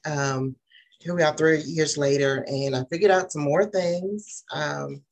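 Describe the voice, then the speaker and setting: A woman's voice: deep voice, fairly even intonation, measured pace, gravelly. A woman guest on a podcast, telling her experience in a rambling, hesitant way with many fillers. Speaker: guest, former program member. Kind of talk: casual chat. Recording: faint background noise.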